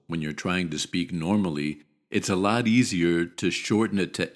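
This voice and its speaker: A man teaching pronunciation in a scripted video lesson, repeating each word deliberately and clearly. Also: deep voice.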